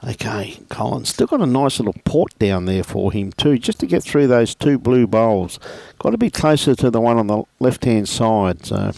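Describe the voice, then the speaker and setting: A man's voice: medium pitch, expressive, normal speed, vocal fry, hardly any pauses, a little mellow, dry recording. A man commentating lawn bowls in a laid-back, jokey way. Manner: laid-back, chatty, jokey, calls players mate.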